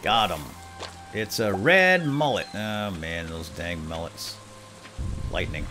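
A man doing casual commentary over a video game, with a voice that swings widely up and down in pitch. He gets excitable and talks straight to the characters on screen. Light music plays faintly behind him. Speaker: let's play gamer.

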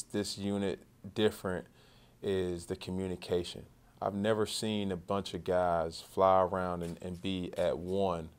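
A man, a football quarterback, answering questions at a press conference in a loose conversational way, often repeating and restarting words. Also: low voice. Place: media session after practice.

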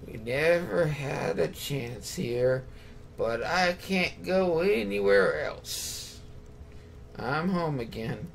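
A man's voice: a little high, gravelly, a little mellow, a little hiss or hum. A man playing through a story game, reading the characters' dialogue aloud and then picking which line to go with. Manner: reads out dialogue choices, then picks one. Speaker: let's play gamer.

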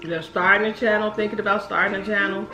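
A woman's voice: medium pitch, steady tone, fast. A middle-aged woman chatting casually over a meal, playful and motherly, teasing her son. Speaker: guest, mother of the host. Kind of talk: casual mukbang chat. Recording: echoey room, music behind.

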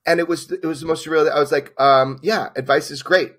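A man in his forties, a documentary filmmaker and interview guest, telling a personal story in a lively way, acting out the dialogue and filling gaps with "like". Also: a little high, a little fast. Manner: lively, acts out quoted dialogue, many "like" fillers.

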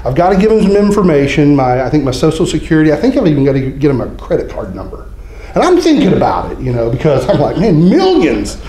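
Jokey preaching pastor, high-voiced man. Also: sing-song, fast, roomy sound, crowd noise, rough recording. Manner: humorous, conversational preaching with mock voices. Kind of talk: sermon. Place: church sanctuary.

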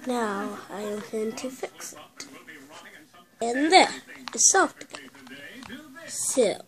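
A woman hosting a casual unboxing video, chatty and excitable, stopping often to correct herself. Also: fairly high pitch, low-quality recording. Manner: chatty, excitable, stop-start with many self-corrections. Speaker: video host.

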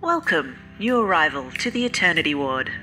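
A woman plays a flustered, pompous God in a comic audio sketch. The voice sits low with a bright, forceful edge. It booms grandly, then mutters hasty corrections. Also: big pitch swings, brisk, soft background music, heavily acted, low-quality recording. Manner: pompous, slipping into asides. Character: God, a flustered, self-important deity greeting the dead.

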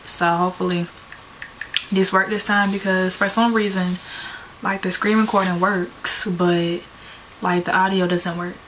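A woman's voice: fairly low pitch, flat delivery, unhurried, slight background noise. A young woman from Georgia, chatting nervously and giggling as she talks to strangers on phone video calls. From Georgia, USA. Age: young adult. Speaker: vlogger. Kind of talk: casual vlog chat with strangers on video calls. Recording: roomy sound under loud background music.

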